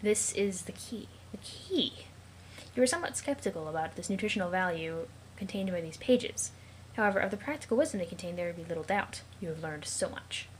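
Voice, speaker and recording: A woman's voice: lowish voice, lively intonation, slight background noise, poor audio. Playful woman reading a web comic aloud. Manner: playful, mock-dramatic reading with quick joking asides. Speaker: let's play host reading a web comic. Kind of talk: casual comic read-along with asides.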